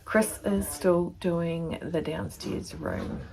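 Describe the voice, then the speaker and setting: A woman's voice: on the low side, fairly even intonation, takes it slowly, creaky, noisy background. A woman with a New Zealand accent giving a chatty, rambling sewing tutorial to a camera in her home studio. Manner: chatty, rambling, fond of asides. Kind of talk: casual tutorial chat to camera.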